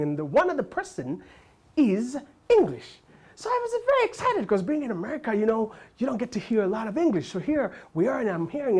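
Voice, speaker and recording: A middle-aged man from Uganda with a Ugandan accent, telling stand-up comedy stories with animated, constant voice switching. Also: sits high. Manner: animated, frequent voice switching and laughter.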